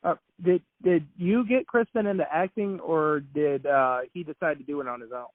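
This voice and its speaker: Male interviewer, slightly high voice, eager questions, tinny phone line. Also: moderate pace, no room sound.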